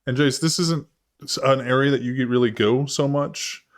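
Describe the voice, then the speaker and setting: A man's voice: medium pitch, fairly even intonation, moderate pace. Rambling male game master. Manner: loose, rambling, laughing narration. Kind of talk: live tabletop game narration.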